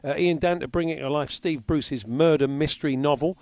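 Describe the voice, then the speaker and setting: A man's voice: a little high, a little fast, a little mellow, no room sound. Joking radio host man. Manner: joking, jumps into silly put-on voices. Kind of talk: casual banter on a radio podcast.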